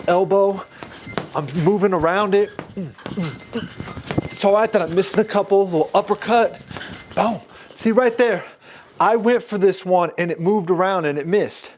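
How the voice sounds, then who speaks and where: A man demonstrating a punching bag while training, energetic, calling out strikes, a little out of breath. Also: measured pace, pauses often, slight background noise. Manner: energetic, punctuates moves with 'boom' and 'pop'. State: slightly out of breath. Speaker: fitness instructor. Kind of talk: product demo while training.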